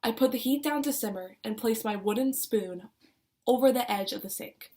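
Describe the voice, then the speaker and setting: A young woman reads her personal essay aloud at a student reading. Her voice sits a bit high, and she brings an expressive lift to the quoted lines. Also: normal speed. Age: young adult. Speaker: student reader.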